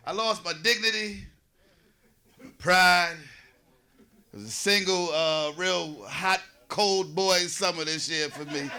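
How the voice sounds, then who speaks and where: A man's voice: high voice, bright, forceful tone. A man in his forties from New Jersey doing a loose, conversational stand-up set, riffing with the audience on a comedy stage. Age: 40s.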